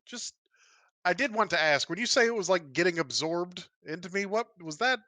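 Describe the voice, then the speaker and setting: A man playing a tabletop game, upbeat and quick to laugh. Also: sits high, animated, bright, forceful tone, dry recording. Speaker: player.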